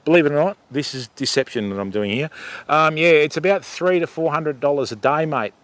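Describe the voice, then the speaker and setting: A talkative middle-aged Australian man, his voice sitting a little high for a man, rambling easily through a fishing livestream. He chats to viewers by name, sprinkles in mate and lovey, and wanders off on side topics while he fishes by a river. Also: lively intonation, brisk, a bit bright, no room sound. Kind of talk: casual live chat with viewers. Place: outdoors by a river.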